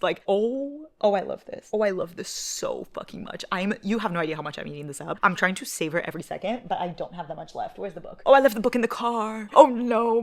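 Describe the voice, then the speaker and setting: A young woman chatting casually in a book vlog, excitable and profane, gushing about what she reads. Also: on the low side, creaky, no room sound. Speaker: book vlogger. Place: at home indoors.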